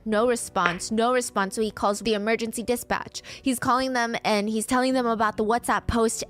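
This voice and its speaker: A woman with a medium-pitched voice narrates a scripted true-crime story briskly, performing the quoted speech as she goes.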